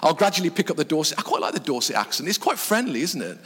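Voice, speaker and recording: A man's voice: on the high side, very animated, fast, fairly bright tone, slightly rough. A man from the English Midlands preaching a sermon in a church, chatty and self-mocking, laughing often as he talks. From Black Country, English Midlands. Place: church hall. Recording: reverberant church hall.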